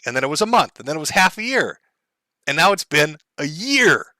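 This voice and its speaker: A man's voice: a little high, big pitch swings, a little fast, bright, forceful tone, no room sound. A man hosting a livestream, giving a crude, sarcastic rant with mocking asides. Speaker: streamer host.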